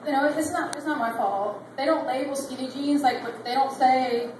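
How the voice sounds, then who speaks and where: A woman's voice: sits high, normal speed, background noise. A woman in her thirties doing a rambling, self-deprecating stand-up set on a comedy club stage. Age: 30s. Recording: distant mic in an echoey club. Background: audience laughter.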